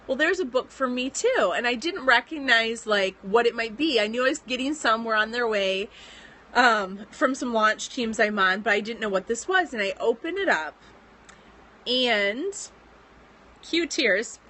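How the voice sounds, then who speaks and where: A woman's voice: fairly high pitch, pushed and bright. A woman in her thirties hosting a casual devotional live stream for writers, speaking in an earnest, encouraging and chatty way. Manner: earnest and encouraging, chatty with fillers, gets teary. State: pregnant.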